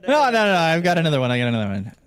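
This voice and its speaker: A man's voice: fairly high pitch, racing. A man casting an esports broadcast, chatting casually and telling long jokes between matches. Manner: joke-telling, animated. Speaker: esports caster. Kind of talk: casual on-air banter.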